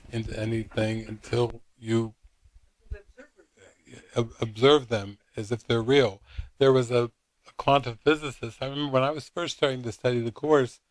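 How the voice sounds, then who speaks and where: A man's voice: medium pitch, no room sound. A man who is a spiritual teacher, telling a story at a retreat in a rambling, anecdotal way full of fillers. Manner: anecdotal, retells dialogue with many fillers.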